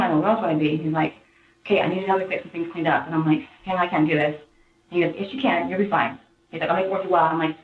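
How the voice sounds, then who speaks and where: A woman's voice: low-pitched, fairly even intonation, fast, a little hiss or hum. A woman telling an interviewer what happened in a rambling way, acting out what people said. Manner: rambling retelling, acts out quotes. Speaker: interviewee recounting events. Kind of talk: recorded interview account. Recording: echoey, tinny archival interview audio.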